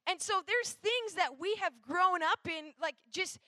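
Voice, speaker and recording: High, bright-voiced woman preaching casually. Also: a little slow, no echo. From Minnesota. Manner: chatty, rambling, lots of fillers. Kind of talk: youth sermon.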